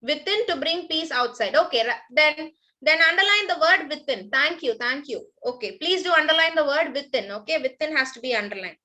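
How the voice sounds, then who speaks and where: A woman teacher with an Indian English accent leads an online class in a high, bright voice. She patiently repeats each instruction, filling the gaps with "okay" and thanks. Her tone stays clear and ringing throughout. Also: animated, a little fast, poor audio.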